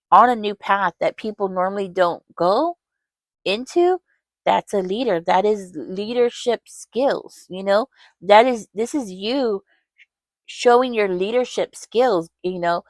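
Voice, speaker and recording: A woman's voice: medium pitch, no echo. Woman rambling thru a tarot reading, lots of "you know", dry close sound. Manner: rambling, talks straight to the viewer, many "you know" fillers and restarts. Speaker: tarot reader. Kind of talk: casual spoken tarot reading.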